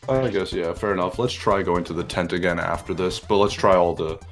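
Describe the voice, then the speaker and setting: Deep-voiced laid-back gamer guy. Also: fairly quick, soft background music. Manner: mumbling, laid-back, trails off in fillers. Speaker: let's play host. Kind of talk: casual gaming chat.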